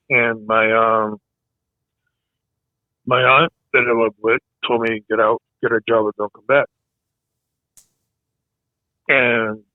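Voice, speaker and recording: Hoarse, halting man over a tinny line. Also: medium pitch, fairly even intonation, no echo. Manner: halting, hesitant speech. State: losing his voice. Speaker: military veteran guest. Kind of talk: casual podcast interview.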